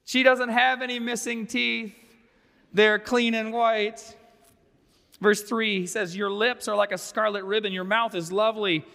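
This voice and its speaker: A man's voice: high-pitched, steady tone, unhurried, gravelly, bright, forceful tone. A man pastor giving a sermon, conversational with wry asides, in a church sanctuary. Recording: long reverb of a large sanctuary.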